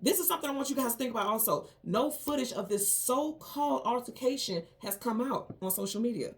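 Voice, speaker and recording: A woman hosting her own tarot channel, recounting a dream and airing suspicions in an animated, emphatic and indignant casual monologue. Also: fairly high pitch, brisk. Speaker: tarot reader, channel host.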